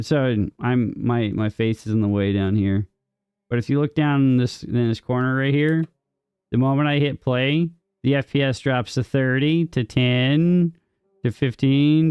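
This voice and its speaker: A man's voice: mid-range voice, a little mellow, smooth, no room sound, dull audio. A man streaming a strategy game, chatting casually and answering his chat, often repeating words as he talks. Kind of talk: casual gaming commentary, reading chat.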